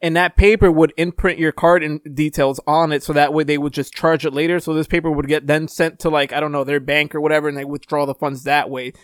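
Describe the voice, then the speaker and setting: A man's voice: fairly high pitch, little pitch movement, quick pace, few pauses, clean tone, dry recording, clean studio sound. A man in his twenties in casual chat, laid-back, explaining things while swearing freely.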